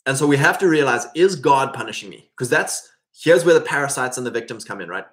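A middle-aged man giving a casual preaching talk to men, animated and acting out quoted voices as he goes. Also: mid-range voice, quick pace. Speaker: Christian men's teacher.

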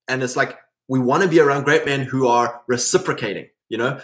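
A middle-aged man giving a casual preaching talk to men, animated and acting out quoted voices as he goes. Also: medium pitch, brisk, hardly any pauses. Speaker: Christian men's teacher.

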